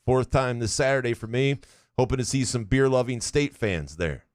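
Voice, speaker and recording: A man in his forties runs through listener questions on a casual sports podcast, joking around and cursing freely. His voice sits at an ordinary middle pitch and sounds close and dry, with no room around it. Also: animated, moderate pace, no echo. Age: 40s. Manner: reads listener questions aloud, joking and profane. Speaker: podcast co-host.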